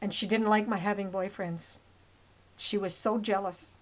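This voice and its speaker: A woman in her seventies narrates her own life story over old photos in a steady, mid-range voice at a moderate pace. She's earnest and rambling, full of restarts and asides, and the recording quality is low.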